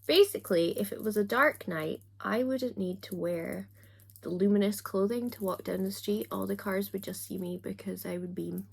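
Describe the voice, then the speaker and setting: A young woman chats to her camera while doing her makeup. She keeps up a relaxed, self-deprecating patter, full of quick asides and jokes at her own expense. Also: medium pitch, creaky, husky. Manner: chatty and self-mocking, with little asides. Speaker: book vlogger.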